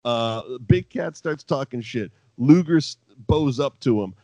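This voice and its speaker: This podcast co-host, a man with a medium-pitched, slightly mellow voice, sounds animated yet unhurried. He shoots the breeze about old-school wrestling, rambling, cursing and laughing as he goes. The sound is dry, dull and lo-fi.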